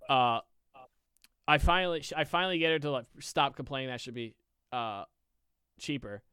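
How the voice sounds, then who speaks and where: A man's voice: mid-range voice, expressive, moderate pace, pushed and bright, smooth, dry recording. A young man co-hosting a podcast, telling a long rambling story full of swearing and "I was like". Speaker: podcast co-host. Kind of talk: casual storytelling chat.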